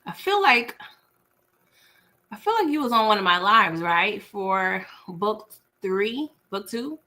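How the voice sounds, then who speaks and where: A woman's voice: mid-range voice, sing-song, slow pace, bright, forceful tone. A woman from the US East Coast with an East Coast accent, hosting a casual livestream, chatting with viewers and laughing while eating dinner on a laptop mic. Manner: chewing while talking. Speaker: livestream host.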